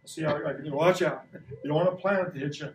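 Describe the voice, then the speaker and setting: A man's voice: a little high, steady tone, brisk. A man in his sixties teaching a science lesson to a class of children in a playful, joking way, asking them questions. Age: 60s. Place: school classroom. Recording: echoey classroom recorded from a distance.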